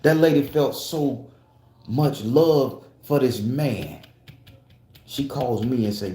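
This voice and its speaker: A man's voice: medium pitch, takes it slowly, pauses often, dark tone, roomy sound. A man and tarot reader telling a story in a casual, profane, emphatic way.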